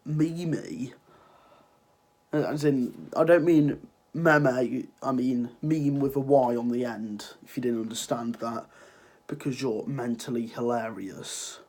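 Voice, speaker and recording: A man's voice: mid-range voice, dark tone. Sniffly sarcastic teen guy ranting. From Ireland. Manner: sarcastic, rambling, swears freely. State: sick with a cold, sniffling. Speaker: vlogger. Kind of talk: casual ranting vlog.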